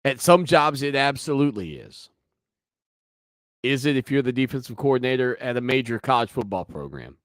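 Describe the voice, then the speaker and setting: A man's voice: mid-range voice, animated, normal speed, no echo, clean studio sound. A man hosting a sports talk radio show, talking through the news in a conversational, opinionated way with teasing asides.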